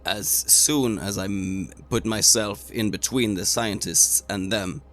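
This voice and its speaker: A man's voice: lowish voice, steady tone, slow, a bit bright. A man playing a tabletop game, stating his character's actions. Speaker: player.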